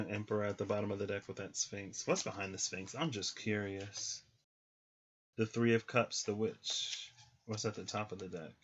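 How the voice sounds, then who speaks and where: A man's voice: on the low side, little pitch movement, normal speed, a little hiss or hum. A man giving a casual livestream tarot reading, thinking aloud with many ums. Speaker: tarot reader. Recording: slightly muffled lo-fi audio.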